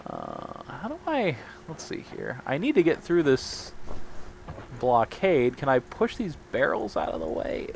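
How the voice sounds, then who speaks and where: Man, let's-play host, casual gameplay commentary, medium pitch, rambling, self-mocking, jokey. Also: huge pitch swings, measured pace, creaky, darkish tone, a little hiss or hum.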